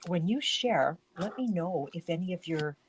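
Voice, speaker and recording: A woman with a lowish, expressive voice speaks at a moderate pace, with a little hiss or hum in the audio. She hosts a casual card-making livestream from her craft room at home, chatting in a rambling manner and interrupting herself often.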